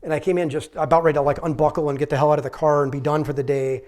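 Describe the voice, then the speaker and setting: A middle-aged man with a slightly high voice gives a relaxed lecture. He talks in a chatty, meandering way and restarts his sentences often, as if thinking aloud in front of an audience. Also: rapid-fire. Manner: conversational, rambling, frequent restarts. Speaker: physician giving a public lecture. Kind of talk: informal lecture with anecdotes. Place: public library talk.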